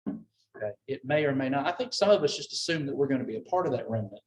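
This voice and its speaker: A man leading a Bible study, folksy and conversational, acting out scripture with lively quoted voices. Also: mid-range voice, quick pace, a crowd in the background. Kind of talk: informal Bible study teaching. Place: church room with a group. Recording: echoey room, mic at a distance.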